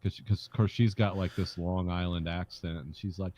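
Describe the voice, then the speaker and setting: A man co-hosting a podcast, casually discussing a movie with dry, wry commentary and quick character impressions. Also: sits low, fairly even intonation, darkish tone, no echo. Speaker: podcast co-host.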